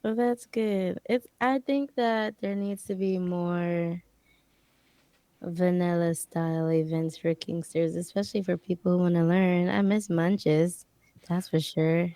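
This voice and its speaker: A woman co-hosting a podcast in casual chat, with a slow, low nighttime voice. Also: fairly even intonation, warm tone, clear, resonant tone, dry recording. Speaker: podcast co-host.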